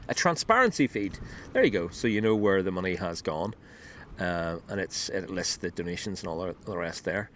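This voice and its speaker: Man with a lower voice, relaxed rambling demo delivery full of restarts, outdoors on a clip-on mic. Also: normal speed, slight background noise. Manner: rambling, many ums and restarts. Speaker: app builder demoing his work. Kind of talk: casual screen demo talk. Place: outdoors on a beach. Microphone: wireless clip-on mic.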